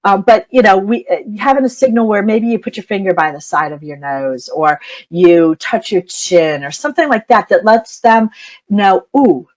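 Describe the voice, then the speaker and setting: A woman's voice: medium pitch, animated, moderate pace. A middle-aged woman coaching parents in a chatty webinar talk, laughing often and saying "you know" a lot. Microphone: computer mic on video call.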